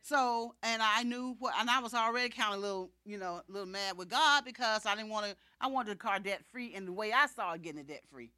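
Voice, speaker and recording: A woman giving an animated faith testimony to a congregation, often laughing and acting out the people in her story. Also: mid-range voice, fairly quick, hardly any pauses.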